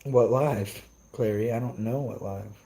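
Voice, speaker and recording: A man's voice: mid-range voice, unhurried, warm tone, poor audio. A young man on a casual live stream, ranting brashly and cursing as he answers his chat. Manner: profane, brash, trash-talking.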